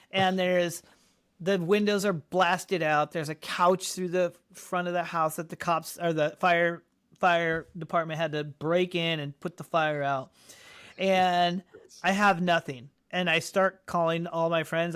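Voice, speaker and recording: A man as a podcast guest, telling a story in casual, animated fashion and acting out what people said. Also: a little slow, clear, resonant tone. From Colorado, United States. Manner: animated, acts out quotes with big pitch jumps.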